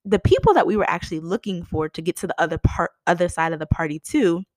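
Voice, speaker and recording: A young woman tells a story in a lively, swooping voice, acting out what people said with big leaps in pitch. The recording is close and dry, with no room sound. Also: fast, dry recording. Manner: animated, acts out quoted lines with big pitch jumps. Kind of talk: casual storytelling.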